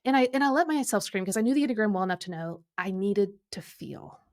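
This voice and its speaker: A middle-aged woman speaks as a coaching podcast host. She tells her story with animated energy, slipping into the voices of people she quotes. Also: mid-range voice, quick pace. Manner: animated, acts out quoted speech, filler-heavy. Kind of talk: coaching conversation, personal storytelling.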